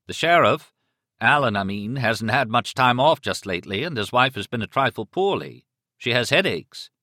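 A man's voice: mid-range voice, expressive, moderate pace, pushed and bright, no echo, clean studio sound, pitched above the performer's own voice. A man doing a bored New England deputy. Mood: unbothered. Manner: drawling, comfortable, unimpressed. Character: bored, unhurried small-town male deputy. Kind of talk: audiobook character voice.

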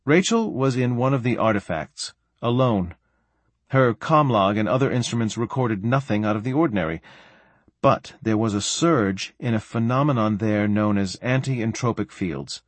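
Low, husky male audiobook narrator. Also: normal speed, no room sound. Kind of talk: scripted narration.

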